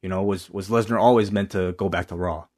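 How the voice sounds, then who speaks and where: Male podcast co-host, low-pitched, animated, reactive chat. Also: fast. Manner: animated reactions, many restarts and fillers. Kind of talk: casual chat.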